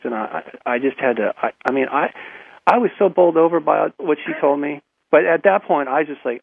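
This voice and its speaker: A man guest telling a personal story in a radio interview, halting and repeating his words, with frequent chuckles, over a phone line. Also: fairly high pitch, gravelly, breathy edge, dry recording.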